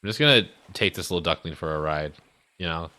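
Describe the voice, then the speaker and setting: A man gives casual play-by-play while streaming a game live. His voice is low, but it swings widely and jumps into sudden high whoops. He often stumbles and corrects himself mid-thought. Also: expressive, fast talker, bright, forceful tone. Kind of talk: casual live gameplay commentary.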